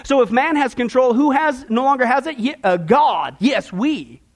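A man's voice: very high-pitched, animated, normal speed. A man preaching about Bible prophecy in a sermon style, emphatic and sarcastic, calling his listeners folks.

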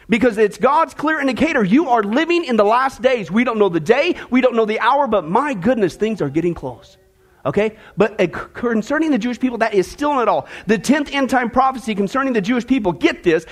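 A man preaching a sermon to his congregation, energetic and folksy, with joking asides and a lot of back-and-forth with the crowd. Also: extremely high pitch. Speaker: pastor. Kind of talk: sermon with a joke opener.

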